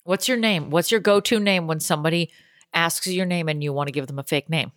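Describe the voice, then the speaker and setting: A woman in casual chat, trading quick jokes and teasing. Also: on the low side, no echo, studio quality, big-room sound. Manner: quick jokey banter. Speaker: podcast co-host.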